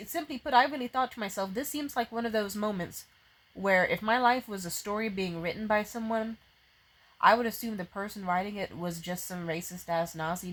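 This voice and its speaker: A young woman venting to her camera in a fast, profane, exasperated rant, often stopping and restarting her sentences. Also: medium pitch, poor audio. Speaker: vlogger. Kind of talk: profane ranting vent. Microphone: facing a camera.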